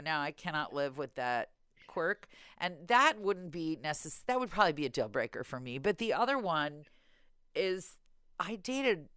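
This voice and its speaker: A woman's voice: sits low, fairly bright tone, clean tone, no room sound, studio quality. A woman hosting a podcast in casual chat, telling wry, self-deprecating dating stories. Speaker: podcast host.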